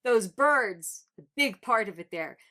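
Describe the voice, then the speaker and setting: Woman with a slightly high voice hosting a music reaction video, earnest, gushing, halting. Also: expressive, bright, forceful tone. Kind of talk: casual music reaction commentary.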